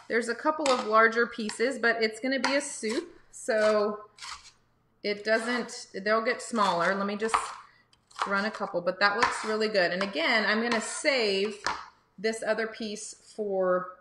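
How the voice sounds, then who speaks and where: A woman's voice: fairly high pitch, a little slow, reverberant, background noise. A woman hosting a live cooking lesson for kids from a home kitchen, chatty and encouraging as she talks to viewers. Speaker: cooking teacher and livestream host. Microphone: phone or camera on livestream.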